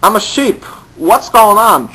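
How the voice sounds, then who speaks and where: A man's voice: sits high, expressive, measured pace, pushed and bright, breathy edge, full character voice, poor audio. A man voicing a naive, friendly male sheep in a storybook reading for kids. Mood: innocent.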